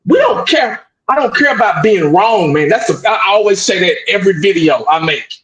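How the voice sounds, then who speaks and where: A high-pitched man rants in blunt, heated sports talk, circling back over his points and tagging "man" onto his lines. His voice comes over a video call and rings out in an echoey room. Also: moderate pace. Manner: blunt, repetitive, animated ranting with frequent "man".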